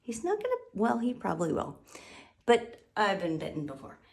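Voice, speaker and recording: A woman giving a lively, playful wildlife lesson to a classroom. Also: mid-range voice, normal speed, gravelly. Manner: animated, playful, teasing. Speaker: wildlife educator. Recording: echoey room, mic at a distance.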